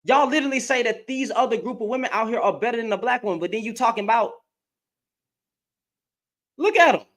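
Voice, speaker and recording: A man giving heated reaction commentary as an online commentator, animated and profane, repeating himself and laughing often. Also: extremely high pitch, racing, few pauses. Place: in Dallas, Texas.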